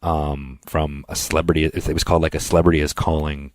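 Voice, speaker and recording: A man co-hosting a podcast, telling long rambling anecdotes in a casual chat and slipping into quick impressions of other people. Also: rumbling low, level tone, no echo. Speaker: podcast co-host.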